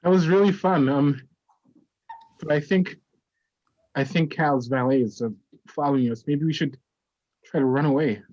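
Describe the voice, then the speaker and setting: A hesitant young woman, played by an actor in an improvised stage comedy. She talks sheepishly at a middle pitch. The sound is dull and muffled. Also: normal speed, long pauses, a little mellow, close to an everyday voice. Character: young woman fleeing an engagement.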